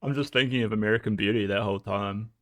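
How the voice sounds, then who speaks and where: A man's voice: fairly low pitch, fairly even intonation, quick pace, a bit bright, no room sound. A young man hosting a casual livestream, rambling with lots of fillers and laughing between thoughts. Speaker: livestream host.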